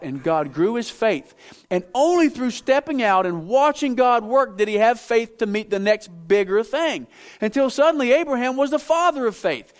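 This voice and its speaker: Male preacher, high-pitched, animated, talks straight to the congregation. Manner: animated, acts out biblical figures, asks audience to respond. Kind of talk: sermon. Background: audience in room.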